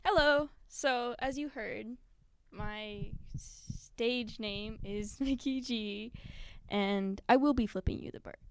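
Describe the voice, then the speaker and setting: A woman with a clear, resonant, somewhat high voice takes it slowly as she performs a personal story live at a community event stage. Nervous and prone to giggling, she acts out scenes and voices quotes with animation in this spoken word set.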